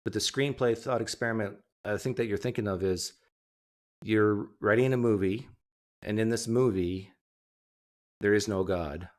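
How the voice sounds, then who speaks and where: Deep-voiced man joking on a livestream. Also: darkish tone. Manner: joking, rambling, quick asides. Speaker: livestream host. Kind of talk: casual livestream chat with viewers.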